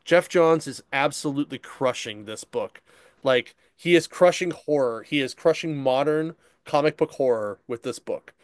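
A man chats loosely about a comic, circling back and jumping into little voiced asides as he retells it. His voice is smooth and clear, recorded close and dry with no room sound. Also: mid-range voice, dry recording. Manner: rambling, retells stories with quick voiced asides. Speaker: comic book podcast host. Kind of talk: casual chat.

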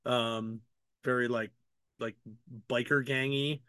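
Man rambling about comics in a smooth dry voice. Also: mid-range voice, fairly even intonation, slow pace, sharp tone, no echo. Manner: rambling, many fillers and restarts; paraphrases characters' lines in his own voice. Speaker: podcast host reviewing comic books. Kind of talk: casual chat.

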